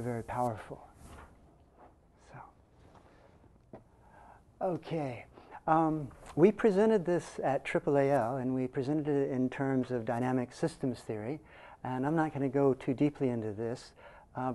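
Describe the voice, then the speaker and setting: A man's voice: medium pitch, warm tone. A man presenting his research to a live audience in a presentation room, explaining step by step and often checking in with a questioning "okay?". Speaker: conference presenter.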